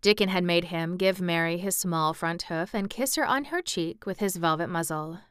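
A woman hosting a read-aloud podcast, narrating a storybook in a gentle, measured way. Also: fairly low pitch, clear, resonant tone, dry recording, studio quality. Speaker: audiobook podcast host.

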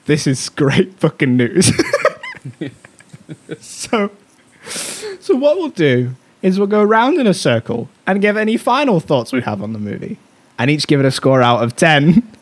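A man hosting a casual movie podcast chat, animated and laughing as he retells movie lines. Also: fairly high pitch, a little slow. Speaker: podcast host.

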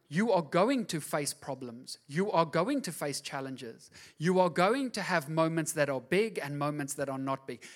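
A man with a fairly high voice preaches a sermon in church. He moves between soft, confiding asides and loud, driving exhortation. He acts out the voices in his stories as he goes. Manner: acts out voices in quoted dialogue. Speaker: pastor. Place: church service.

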